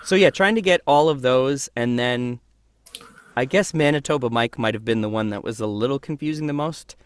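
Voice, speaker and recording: A man's voice: mid-range voice, normal speed, clear, resonant tone, no echo. Dry-sounding male voice actor guest. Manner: thoughtful, animated, acts out voices mid-sentence. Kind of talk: casual interview conversation.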